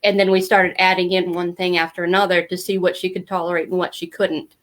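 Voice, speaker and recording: On a podcast, a middle-aged woman chattily and frankly recounts her family story in a relaxed interview format, peppering it with fillers. She speaks fairly quickly in a level, lowish tone.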